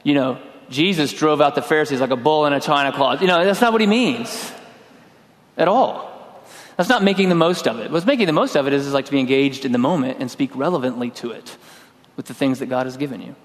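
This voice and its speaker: Speaking fast in a mid-range voice, a middle-aged pastor tells a personal story during his sermon, acting out what he said. The tone is relaxed and conversational, and the hall adds long reverb.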